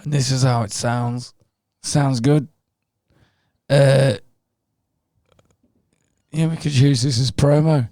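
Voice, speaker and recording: Hoarse, gravelly-voiced man. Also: mid-range voice, steady tone, slow pace, long pauses, mellow, no room sound, studio quality. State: hoarse from screaming. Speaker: podcast co-host. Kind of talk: casual chat.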